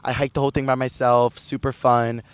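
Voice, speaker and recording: Guy yapping a storytime vlog super fast, dry close mic, does everyone's voices higher. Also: smooth, dry recording. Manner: chatty, animated, acts out other people's lines in a higher voice. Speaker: vlogger. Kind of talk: casual storytime chat.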